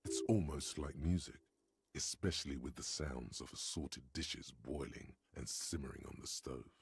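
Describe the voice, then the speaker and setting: A man voicing a brooding disembodied narrator in a video game, speaking in a slow, measured, literary way. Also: dry recording, heavily acted. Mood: solemn. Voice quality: very deep and gravelly. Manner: slow, measured descriptive delivery.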